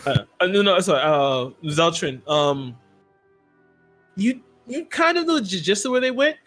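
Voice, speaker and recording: A man's voice: sits high, very animated, a little slow, fairly bright tone, soft background music. A man narrating as game master of a tabletop role-playing game, rambling and loose, with many "like" and "um" fillers.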